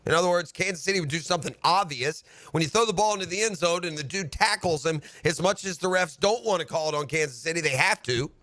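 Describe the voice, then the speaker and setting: A fired-up male sports radio host tears into a game from behind a studio microphone, his voice sitting a little high with a bright, forceful edge. The sound is dry and close, and his ranting swells into shouts. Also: quick pace, hardly any pauses, no room sound. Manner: animated ranting, building to shouts. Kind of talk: sports talk radio commentary. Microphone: studio broadcast microphone.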